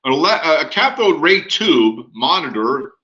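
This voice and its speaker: Man, animated storytelling lecture, lively pitch, slightly dull lo-fi recording. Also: measured pace. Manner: animated anecdotal, acts out dialogue.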